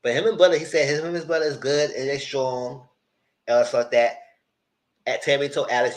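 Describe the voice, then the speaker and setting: A man's voice: mid-range voice, a little fast, poor audio. A man giving a casual, opinionated live recap of a reality show episode. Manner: animated, opinionated, talks straight to people. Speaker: TV show reviewer.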